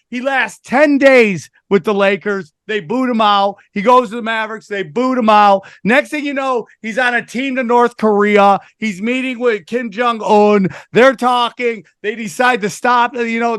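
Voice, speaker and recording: High-voiced comic man spinning a yarn. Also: normal speed, clear, resonant tone, no echo, studio quality. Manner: animated, profane, acts out quotes. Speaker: podcast host, stand-up comic. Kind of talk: storytelling on a podcast.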